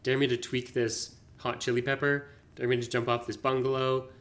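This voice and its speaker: A man's voice: medium pitch, level tone, normal speed, fairly bright tone. A man co-hosting a casual film review podcast, retelling scenes and acting out the characters' lines. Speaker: podcast co-host.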